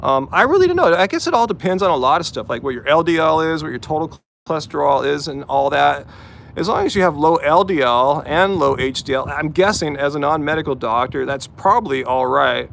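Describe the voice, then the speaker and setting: Slightly high and a bit bright, with vocal fry, lively intonation and a fairly quick delivery, this man hosts a casual live-chat Q&A from a vehicle after a run. He's relaxed and chatty, saying "like" and "um" a lot. Slight background noise is audible.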